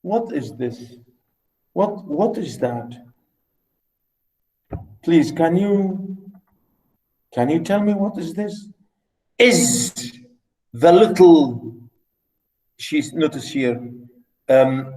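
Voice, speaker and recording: A man's voice: fairly high pitch, lively intonation, extremely slow, pauses often, mellow, echoey room, poor audio. A man teaching literature, explaining a novel to his class with theatrical readings. He swings from mutters to exclamations. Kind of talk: class lecture with dramatic readings.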